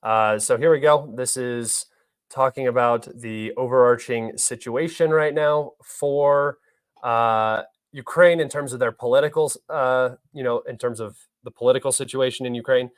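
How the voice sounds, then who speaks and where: A man's voice: medium pitch, steady tone, normal speed, clear, resonant tone. Casual, rambling male streamer. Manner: offhand, rambling and opinionated. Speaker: livestream host. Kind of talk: casual livestream news commentary.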